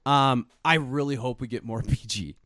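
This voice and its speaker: A man's voice: mid-range voice, normal speed, fairly bright tone, no echo, clean studio sound. A man co-hosting a podcast, chatting casually, swearing and laughing often. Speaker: podcast co-host. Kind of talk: casual chat.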